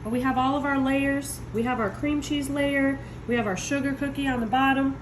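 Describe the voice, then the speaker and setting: A woman, showing desserts in her home kitchen in a chatty, excitable way, talking to viewers. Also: high-pitched, normal speed, noisy background. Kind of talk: casual cooking video. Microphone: phone.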